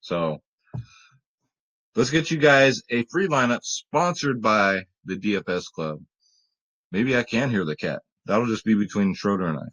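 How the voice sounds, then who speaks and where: A man's voice: lowish voice, animated, a little slow, a bit bright. Chatty joking man giving sports picks. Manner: chatty and joking, talks to his cat. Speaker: fantasy sports picks host. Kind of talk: casual chat.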